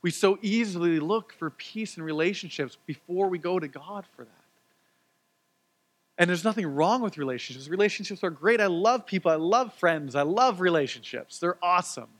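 An earnest man in his thirties preaches a sermon, speaking casually and personally, with frequent fillers and restarts. His voice sits slightly high for a man. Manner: earnest, conversational, with repeated words and fillers. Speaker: pastor.

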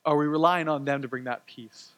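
A man's voice: a little high, fairly even intonation, fairly quick, fairly bright tone. Earnest man preaching. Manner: earnest, conversational, with repeated words and fillers. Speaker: pastor. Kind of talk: sermon with personal testimony.

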